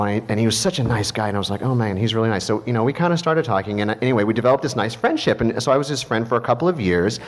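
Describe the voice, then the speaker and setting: Man, middle-aged, composer, animated storyteller, lively pitch, reverberant hall. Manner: animated storyteller, acting out quoted voices. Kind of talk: storytelling at a panel talk.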